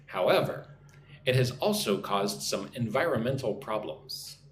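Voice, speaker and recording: Man teaching a lively English lesson. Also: lowish voice, unhurried. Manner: reads chat aloud, models answers, drills pronunciation. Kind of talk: live-streamed speaking lesson. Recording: roomy echo, faint background noise.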